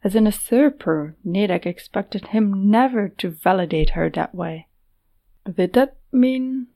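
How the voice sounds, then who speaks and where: A woman narrating a fantasy audiobook in a measured, steady way. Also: mid-range voice.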